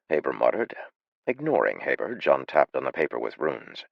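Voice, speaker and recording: Man, audiobook narration, measured and even, dry close sound, slightly muffled. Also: rumbling low, gravelly, no echo.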